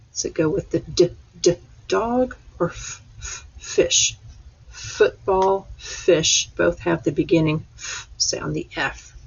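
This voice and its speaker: A woman teacher walks young children through a phonics lesson, sounding out each letter slowly. Her voice is husky and gravelly, and she speaks at an unhurried pace. The recording sounds dull and lo-fi. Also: on the low side. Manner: slow, sounding out letters with rising excitement.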